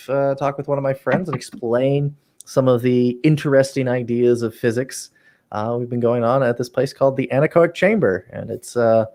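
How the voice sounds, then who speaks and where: A man in his twenties, a graduate student guest, joking in laid-back casual chat over a video call. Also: mid-range voice.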